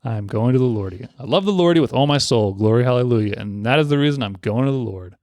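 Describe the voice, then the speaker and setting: A man's voice: mid-range voice, animated, quick pace, darkish tone, no echo, studio quality, natural voice. A man reading a condemned man's hymn-like poem in a put-on Southern US accent, with a sing-song, repetitive delivery. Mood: fervent.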